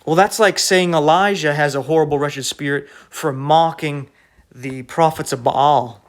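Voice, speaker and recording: A man's voice: on the high side, measured pace. A man preaching an online sermon in an emphatic, rebuking way, full of rhetorical questions.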